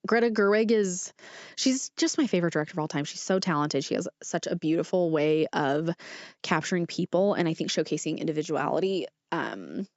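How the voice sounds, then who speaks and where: Young woman podcast host, low-pitched, earnest and rambling; dry, muffled lo-fi audio. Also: expressive, fairly quick, darkish tone, dry recording. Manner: rambling and earnest, many fillers and self-corrections. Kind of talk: casual podcast monologue.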